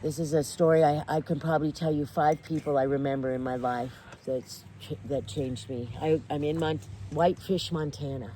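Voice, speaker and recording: Low-voiced woman telling an emotional story. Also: a little hiss or hum. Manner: animated, intense, self-interrupting, quick to tears. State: tearful. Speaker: guest. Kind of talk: emotional storytelling in casual chat.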